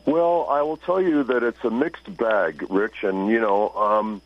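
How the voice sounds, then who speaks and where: A man's voice: on the low side, a little slow, muffled recording. A man, a blues musician and radio broadcaster, telling stories in a casual interview and acting out the people he quotes. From Toronto, Canada. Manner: animated storyteller who acts out quotes.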